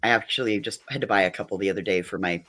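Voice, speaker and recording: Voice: deep voice, racing, bright, forceful tone. A panelist on a live online panel, chatting playfully. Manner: playful, laughs often. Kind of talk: casual panel chat.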